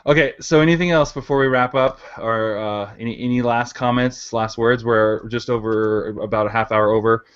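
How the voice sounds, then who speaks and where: A man's voice: medium pitch, steady tone, normal speed, few pauses, smooth, lo-fi sound. A man hosting a casual panel chat over a video call, rambling with lots of fillers. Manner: rambling, filler-heavy, laughs often. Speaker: host. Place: home in the mountains.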